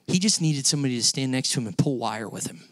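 A male pastor delivers a sermon as a personal story, talking like he's chatting with the congregation before pushing into emphatic, raised lines. His voice sits at an ordinary middle pitch. The sound is dry and close, with little room around it. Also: lively intonation, quick pace, dry recording. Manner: storytelling, conversational, rising to emphatic peaks. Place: church sanctuary.

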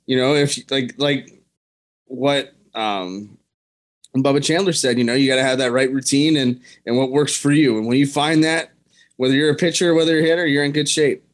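Measured man on a sports podcast. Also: medium pitch, fairly even intonation. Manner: measured, many fillers. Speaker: podcast co-host. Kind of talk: casual sports talk.

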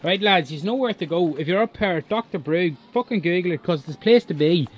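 A man's voice: high voice, animated, a little fast, rough recording. A young Irish man vlogging casually, joking and swearing a lot. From Ireland. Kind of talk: casual vlog chat. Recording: loud outdoor and traffic noise. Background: traffic noise.

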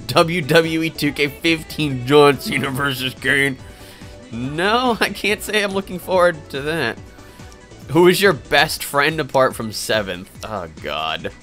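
This game streamer is a young man whose voice runs on the high side with a fairly bright tone. He chats loosely while live-streaming, answering viewers hesitantly and rambling, full of fillers and restarts, over faint game music.

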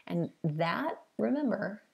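A woman's voice: medium pitch, very animated, takes it slowly, gravelly, breathy edge. A middle-aged woman giving conversational advice to fitness trainers, with frequent asides and repeated list items. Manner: conversational, with frequent "you know" and list-like repetition. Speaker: fitness business coach.

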